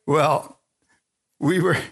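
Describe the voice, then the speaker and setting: A middle-aged preacher gives a sermon testimony, telling his own story, acting out the voices, and calling on the crowd for amens. His voice is a little high and slightly rough, with vocal fry, a steady tone, and drawn-out words.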